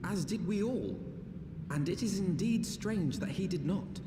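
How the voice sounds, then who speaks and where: An actor playing a composed officer in a video game, speaking in a formal, measured way. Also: male voice, high-pitched, lively intonation, recorded from a distance, music in the background. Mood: guarded. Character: composed male officer, careful and shrewd. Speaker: game character. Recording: game audio, roomy reverb.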